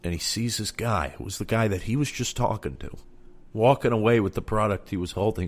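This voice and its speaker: A man with a fairly low voice tells a comic story about his own errands. He sounds exasperated and swears freely, slipping into the voices of the people he met. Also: brisk. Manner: exasperated, profane, acts out both sides of conversations. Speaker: comedian. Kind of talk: comedic storytelling monologue.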